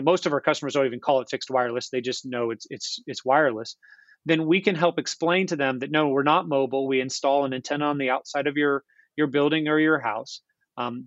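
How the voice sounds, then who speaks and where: A man's voice: medium pitch, fairly bright tone, no room sound, highs cut off. A man, an internet provider's founder and CEO, answering interview questions in an earnest, explanatory way with frequent restarts. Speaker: ISP founder and CEO, guest. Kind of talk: casual podcast interview answers.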